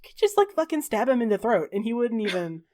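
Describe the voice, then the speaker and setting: A woman running a tabletop game as game master, brash and animated, swearing freely. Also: a little high, fast.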